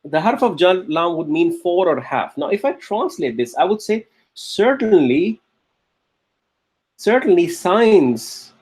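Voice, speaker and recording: A man's voice: sits high, animated, moderate pace, hardly any pauses, darkish tone, slightly rough. A man lecturing a grammar class, repeating key phrases and checking in with the students as he goes. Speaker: Arabic grammar teacher.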